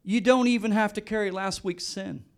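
A middle-aged male pastor preaching a sermon in an earnest, animated way, often repeating and restarting his words. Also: sits high, normal speed.

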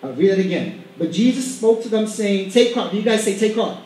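A man with a high-pitched voice preaches a sermon to a congregation. He is emphatic and stumbles into restarts, often asking them to repeat lines after him. He is recorded from a distance in a hall with very strong echo. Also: lively intonation, fast talker, mellow. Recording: very echoey hall, mic far off.

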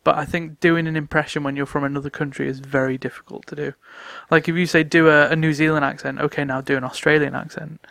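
A man chats on a podcast, acting out quoted voices and breaking into laughs as his stories build. His voice is gravelly and sits a little high. The sound is close and dry, with no room around it. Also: quick pace, few pauses, no echo. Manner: animated, laughs often, acts out quoted voices. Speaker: returning podcast guest. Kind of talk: casual storytelling chat.

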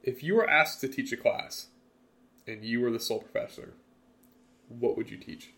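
A man's voice: mid-range voice, fairly bright tone. Teasing young man asking questions. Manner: playful, teasing, quick to push back. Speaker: podcast co-host. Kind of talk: casual chat.

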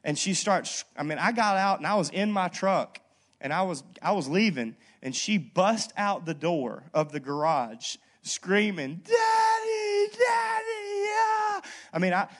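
Conversational preaching man, slightly high voice. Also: a little slow. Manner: conversational, lively storytelling with frequent "okay?" asides. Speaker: pastor. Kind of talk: sermon. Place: church.

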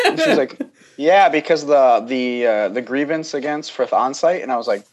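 A man's voice: medium pitch, sing-song, normal speed. A young man in casual chat, telling a long story in a rambling way, acting out the people he quotes and laughing often.

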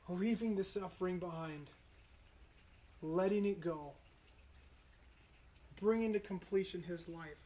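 A preacher giving an earnest, reflective sermon, citing scripture and slowing down to stress key moments. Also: mid-range voice, steady tone, darkish tone. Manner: earnest, reflective, slows for emphasis.

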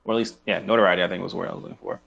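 A man's voice: low-pitched, fairly even intonation, rapid-fire, gravelly, husky, lo-fi sound. A man chatting casually as a podcast co-host, often searching for words and laughing. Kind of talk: casual chat.

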